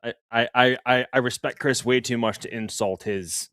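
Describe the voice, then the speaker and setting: A man co-hosting a casual livestream, giving playful, short refusals and quick answers. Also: mid-range voice, steady tone, pushed and bright, dry recording, clean studio sound. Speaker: livestream co-host.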